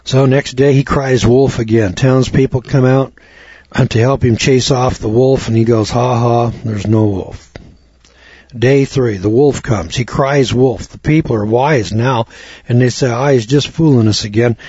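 A man giving a folksy, cautionary lecture as an instructor, often clearing his throat and repeating words as he tells homespun stories. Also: mid-range voice, steady tone, moderate pace, dark tone, no room sound. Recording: dull lo-fi recording.

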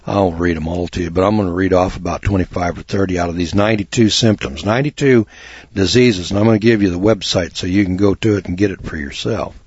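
A man's voice: deep voice, fast, a little mellow, slightly rough, no echo, dull audio. A man hosting a talk radio show, rambling in a folksy, blunt way with lots of fillers and restarts.

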